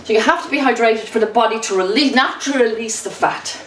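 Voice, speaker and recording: A bright, fairly high-voiced woman coaches a rebounder workout, cheering the listener on while she keeps bouncing. She sounds a little winded, and her voice carries the echo of a roomy space, picked up from some way off the mic with faint background noise. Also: quick pace, distant mic. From Ireland. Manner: upbeat, encouraging, talks while bouncing. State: slightly out of breath. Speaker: exercise instructor. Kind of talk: exercise demonstration. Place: indoors at home.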